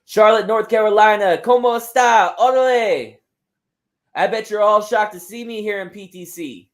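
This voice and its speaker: Cocky female wrestler promo, loud and crowd-baiting, sprinkled with Spanish shouts; male performer. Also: high-pitched, fairly quick. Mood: fired up.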